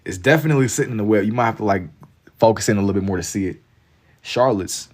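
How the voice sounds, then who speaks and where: A man's voice: fairly low pitch, quick pace, a little mellow. A man from Kentucky with a Southern accent, chatting casually and rambling with lots of "like" while he draws on a live stream. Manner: laid-back, rambling, heavy on filler "like".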